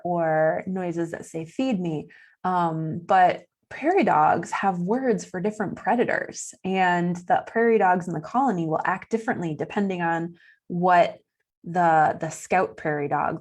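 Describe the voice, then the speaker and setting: A woman's voice: lowish voice, a little mellow. A young woman, a nature camp educator, giving a chatty, playful live-streamed science lesson for children from home, laughing at her own jokes.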